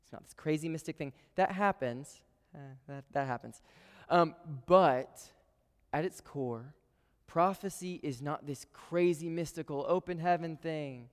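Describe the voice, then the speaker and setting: A man preaching a sermon to a live congregation, conversational and playful, with quick asides to the room. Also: on the high side, clean tone. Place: church sanctuary with a live congregation. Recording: long reverb of a large hall.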